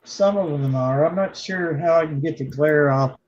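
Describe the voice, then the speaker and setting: A man's voice: a little high, moderate pace, crowd noise. A man, a livestream panel guest, chatting in an easygoing, agreeable way. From Kentucky. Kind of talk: casual chat. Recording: dull lo-fi audio with faint noise.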